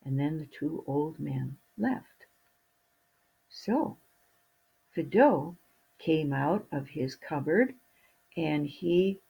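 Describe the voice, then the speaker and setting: A woman storyteller telling a fairy tale to children in a slow, expressive way. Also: sits low, creaky, breathy edge, rough recording.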